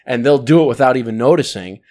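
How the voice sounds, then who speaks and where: Mid-pitched man explaining in casual chat. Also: animated, fast, darkish tone. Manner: conversational, explains with acted examples. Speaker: podcast co-host. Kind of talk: casual chat about books.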